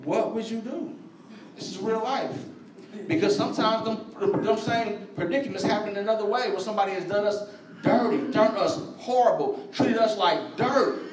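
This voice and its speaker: A high-pitched man preaching a sermon, speaking conversationally and slangily and calling out to his congregation. He sounds distant from the mic, and his voice rings around an echoey church hall. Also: moderate pace, a crowd in the background. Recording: echoey room, voice from far off.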